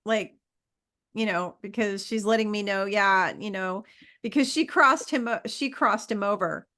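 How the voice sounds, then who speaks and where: A woman hosting a spiritual chat, emotional and quick to jump in. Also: mid-range voice, sharp tone. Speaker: host. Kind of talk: casual chat.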